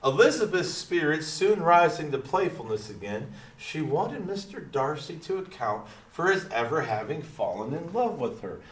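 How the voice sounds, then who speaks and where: A man putting on a drawling small-town cartoon dad, folksy and proud, leaning on his stock phrases as he reads through a lesson. The voice sits a little high for a man and rings in a roomy space. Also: very animated. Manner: slow Texan drawl, repeating catchphrases. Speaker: teacher. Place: classroom. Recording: roomy echo.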